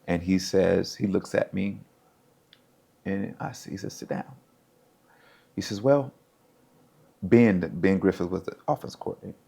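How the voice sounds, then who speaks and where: With a low, creaky, husky voice at normal speed, punctuated by long pauses, a middle-aged American man who once played pro football tells casual life stories. He's animated, acting out each quoted voice.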